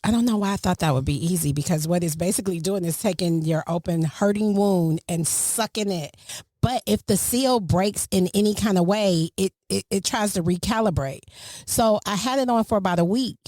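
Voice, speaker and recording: A middle-aged woman hosting a casual family podcast, telling a story with lively, swinging emphasis. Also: normal speed, dry recording, clean studio sound. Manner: animated, storytelling, swings pitch widely for emphasis. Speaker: podcast host.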